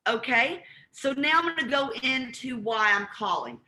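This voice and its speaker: A woman with a Southern accent running a live real estate training call, acting out both sides of cold calls in an animated way. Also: sits high, a little fast, hardly any pauses.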